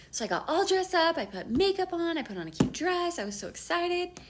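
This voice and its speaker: A woman's voice: very high voice, big pitch swings, a little fast, slight background noise. A woman in her late thirties telling a casual storytime and acting out the dialogue with lots of animation. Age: late 30s.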